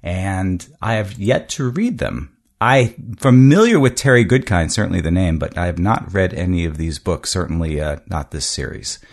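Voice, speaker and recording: Deep, lively male co-host. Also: normal speed, hardly any pauses. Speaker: podcast co-host. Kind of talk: casual panel chat.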